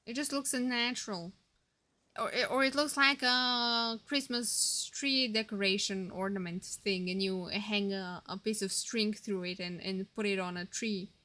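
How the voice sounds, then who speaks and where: A woman's voice: medium pitch, steady tone, a little slow, pushed and bright. A young woman streaming a game, chatting casually and playfully with her viewers. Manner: giggly and playful, reacting to chat. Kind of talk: casual live-stream commentary.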